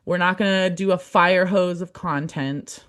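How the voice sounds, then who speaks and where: Female podcast host, young adult, lowish voice, earnest and encouraging delivery. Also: steady tone, a little slow, fairly bright tone, smooth. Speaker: podcast host, community manager. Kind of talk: heartfelt podcast monologue.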